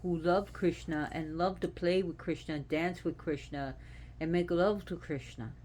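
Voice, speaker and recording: A woman hosting a casual devotional talk, speaking in an earnest, animated, conversational way. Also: on the low side, unhurried, a little hiss or hum. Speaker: host.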